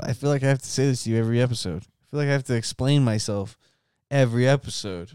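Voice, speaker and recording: An American man co-hosting a podcast, joking around and slipping into slow droning bits and silly voices. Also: mid-range voice, darkish tone, clear, resonant tone, no room sound, clean studio sound. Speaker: podcast co-host. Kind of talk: casual comedic podcast banter.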